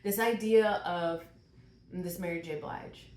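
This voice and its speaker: A woman's voice: lowish voice, unhurried. A woman giving a channeled tarot reading, asking questions aloud and exclaiming. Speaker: tarot reader. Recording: roomy with faint noise.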